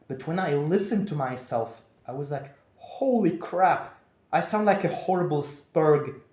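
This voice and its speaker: A young man talking in a confessional vlog, with a monotone, over-enunciated delivery. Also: medium pitch. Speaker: vlogger. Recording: echoey room.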